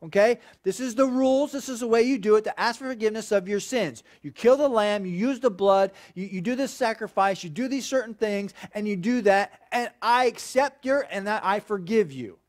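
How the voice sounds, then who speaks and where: A man preaching a sermon in a chatty style, checking in with "okay" and building to loud, emphatic points. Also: sits high, brisk, few pauses. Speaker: pastor.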